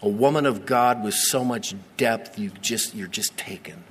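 A man's voice: on the low side, slightly rough. Man preaching in a reverberant church. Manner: earnest preaching with dramatic slow pauses and repetition. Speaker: pastor. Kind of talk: sermon. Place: church sanctuary. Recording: long reverb of a large church hall.

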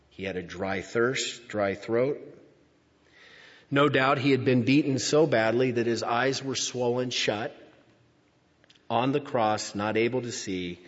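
A man delivers a sermon at an unhurried pace, his voice slightly husky as he draws out the words he wants to land. The recording is muffled and dull, with a long reverb trailing off around a church sanctuary. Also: medium pitch. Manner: slow deliberate preaching, drawn-out emphatic words. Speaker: pastor. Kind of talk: sermon reading and explaining scripture.

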